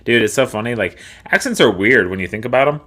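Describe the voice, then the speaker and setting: A man's voice: mid-range voice, lively intonation, fast talker, fairly bright tone. A young man co-hosting a podcast, chatting casually, laughing often and rambling. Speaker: podcast co-host. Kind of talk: casual chat.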